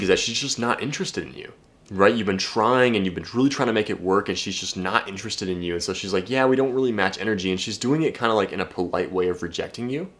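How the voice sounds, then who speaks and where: A young man talking casually to camera as a dating coach, blunt and energetic, swearing freely and restarting his sentences. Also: on the low side. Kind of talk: casual direct-to-camera talk.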